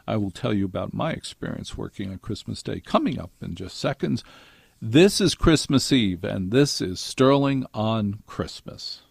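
A man's voice: on the low side, animated, moderate pace, gravelly, slightly rough, no room sound, studio quality. An older man hosting a radio show, telling wry stories to his listeners and acting out quotes along the way. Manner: wry storytelling with acted quotes. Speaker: radio host. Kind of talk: monologue to listeners.

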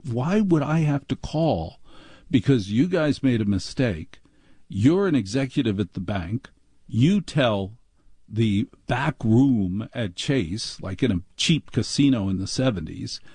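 A middle-aged man hosting a talk show, ranting in an exasperated, mocking way and mimicking staff in a high voice. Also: dark tone, husky, no room sound. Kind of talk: ranting monologue.

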